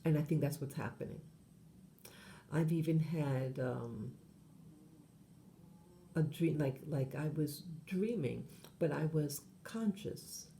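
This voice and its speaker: A woman's voice: low-pitched, slow pace, gravelly, pauses often, warm tone, a little hiss or hum. A woman hosting her channel, talking in a meandering monologue full of fillers and self-corrections. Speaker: channel host. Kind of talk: rambling monologue.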